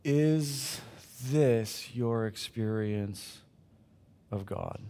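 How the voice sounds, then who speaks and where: A male pastor preaching a conversational sermon at a church service, swinging between loud emphasis and quiet asides to the congregation. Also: mid-range voice, drawn-out words, clean tone, big-room sound.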